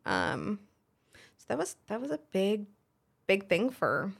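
A woman's voice: mid-range voice, big pitch swings, slow, creaky, husky. A woman in her thirties, a hairstylist and salon owner, telling her story frankly in a casual podcast interview and acting out remembered conversations, with a lot of "like" fillers. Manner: frank and chatty, acts out remembered dialogue, frequent "like" fillers.

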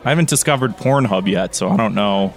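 A man's voice: fairly low pitch, fairly quick, soft background music, some chatter behind. A man in improvised comedy banter who rambles hesitantly, stumbling through restarts and fillers.

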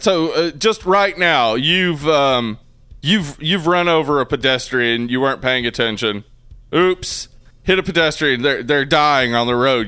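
A man's voice: on the high side, bright, forceful tone. A man co-hosting a casual movie podcast, joking and laughing as he riffs. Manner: laughing, joking, puts on voices for quips. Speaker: podcast co-host.

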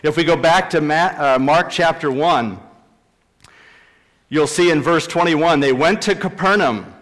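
A pastor preaching a sermon, emphatic and repeating key phrases for stress. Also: male voice, a little high, measured pace, a bit bright. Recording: long reverb in a large hall.

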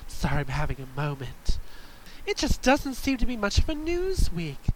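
A man's voice: high-pitched, wildly swooping pitch, normal speed, a little hiss or hum, rough recording. A man voicing a campy, sassy drag queen bouncer who calls everyone darling and swings between sweetness and dramatic outbursts, in an improvised comedy sketch. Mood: campy chatty. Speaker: podcast host in character.

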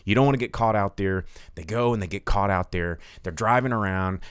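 A man's voice: on the low side, brisk, smooth, dry recording. A man hosting a live podcast, rambling and cursing casually through a movie plot recap from his home studio. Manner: rambling, profane, lots of fillers. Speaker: podcast host.

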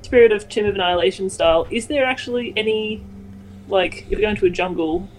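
A woman's voice: medium pitch, a little fast, darkish tone, a little hiss or hum, rough recording. A woman taking part as a player in a tabletop game, easygoing and playful. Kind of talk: tabletop role-play.

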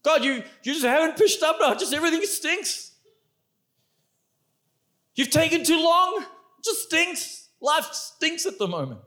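A man's voice: very high voice, big pitch swings, unhurried, long pauses, pushed and bright, voice pushed up, full character voice. A man voicing Martha, an anxious, exasperated woman who complains and pleads. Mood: pleading.

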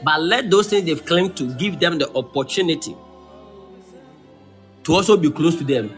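High-pitched preacher. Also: male voice, lively intonation, normal speed, faint music behind. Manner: preaching with sudden shouts and sung phrases. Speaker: pastor. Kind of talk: sermon.

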